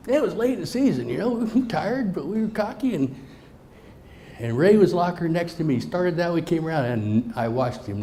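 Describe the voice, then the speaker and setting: A middle-aged man gives a storytelling speech to a live audience in a meeting room. He swings between emphatic lines and hushed, near-whispered asides. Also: a little high, a little hiss or hum. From Southern United States. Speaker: motivational speaker.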